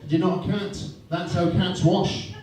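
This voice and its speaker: A man voicing his wife, who calmly and patiently explains things. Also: high-pitched, a little slow, distant mic. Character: patient, matter-of-fact wife. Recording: echoey room, voice from afar, noisy.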